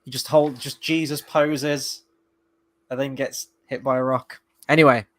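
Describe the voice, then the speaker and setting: A man's voice: medium pitch, flat delivery, measured pace, a bit bright. A man hosting a casual show review, rambling with lots of fillers and the odd swear word. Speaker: podcast host.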